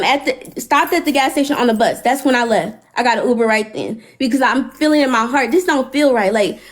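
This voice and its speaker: Woman, high voice, live stream host, animated storytelling, profane. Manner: animated, profane, retells dialogue. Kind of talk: casual storytelling chat.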